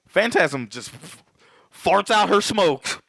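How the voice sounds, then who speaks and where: A man's voice: high voice, big pitch swings, takes it slowly, gravelly, fairly bright tone, dry recording, studio quality. A man co-hosting a podcast, chatting casually about a movie, swearing constantly and laughing often. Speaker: podcast co-host. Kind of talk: casual profane movie chat. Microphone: headset.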